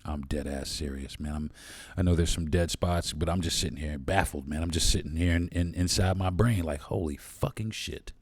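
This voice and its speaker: A man's voice: very deep voice, fairly even intonation, a little fast, a little hiss or hum. A man hosting his own podcast, talking alone in a blunt, profane and impassioned way. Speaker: podcast host. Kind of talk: solo podcast monologue.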